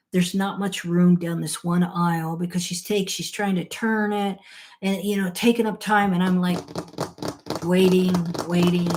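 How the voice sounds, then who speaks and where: A woman's voice: on the low side, a little mellow, slight background noise. A woman co-hosting a podcast over a call, telling rambling stories in casual chat and swearing freely. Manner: candid, rambling storyteller who swears freely. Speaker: podcast co-host. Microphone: phone or call audio.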